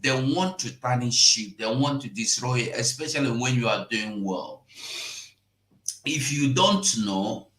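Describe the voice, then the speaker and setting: A man with a Nigerian accent hosting a live-stream news commentary, rambling and repetitive, with sudden emphatic jumps in pitch. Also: lively intonation, measured pace, fairly bright tone, roomy sound.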